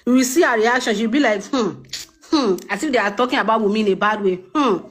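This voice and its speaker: Fast-talking animated Nigerian woman. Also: fairly high pitch. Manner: animated, mixes Pidgin and mimics others. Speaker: live audio room speaker. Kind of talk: casual gossip chat.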